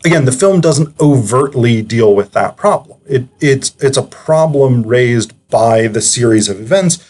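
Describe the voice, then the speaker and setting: A man's voice: medium pitch, expressive, a little slow, a little mellow, faint music behind. Chatty man reviewing a film. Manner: chatty, digressive, hesitant with filler words. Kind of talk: casual analytical commentary.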